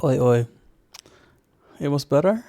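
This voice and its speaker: A man's voice: medium pitch, animated, takes it slowly, vocal fry, dark tone, no echo. A young man from Sweden streaming a farming game, chatting casually and rambling with self-mocking asides. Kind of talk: casual gameplay commentary.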